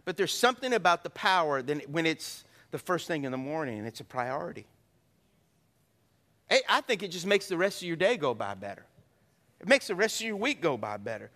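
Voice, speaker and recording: A man's voice: high voice, sharp tone. A middle-aged man preaching a sermon as pastor, folksy and joking, drawing answers from the congregation. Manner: folksy, joking storyteller with call-and-response.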